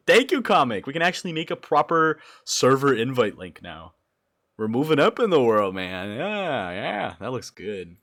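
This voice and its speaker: A young man from Brazil chatting casually on a livestream, excitable and jumping between loud outbursts and low mumbles. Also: normal speed. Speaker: streamer.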